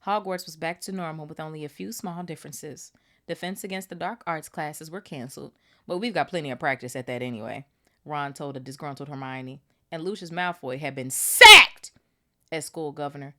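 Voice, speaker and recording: A woman hosting a book club podcast, reading a novel aloud with animated, swearing asides. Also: low-pitched, normal speed. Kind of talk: casual read-aloud with commentary.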